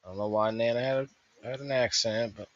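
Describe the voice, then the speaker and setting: A man's voice: on the low side, fairly even intonation, quick pace, lo-fi sound. A man hosting a casual review, thinking aloud in a rambling voice-over. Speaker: host reviewing a vendor fair.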